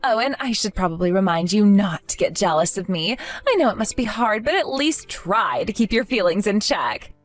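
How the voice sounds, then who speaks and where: A woman's voice: medium pitch, lively intonation, moderate pace, hardly any pauses, soft background music, lightly acted. A woman voicing a smug, condescending young sister-in-law who belittles others in a narrated story. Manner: mocking and belittling. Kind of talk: narrated story role-play.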